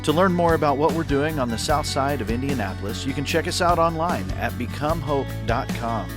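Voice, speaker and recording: A man reading a scripted podcast intro in a plain, steady way. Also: on the high side, brisk. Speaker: podcast announcer. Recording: guitar music behind.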